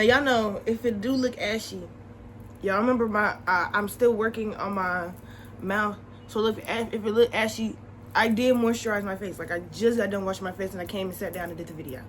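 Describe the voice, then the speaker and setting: A young woman vlogging, chatting casually to the camera with advice, animated and repeating her points for emphasis. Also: mid-range voice, moderate pace, a little hiss or hum, rough recording.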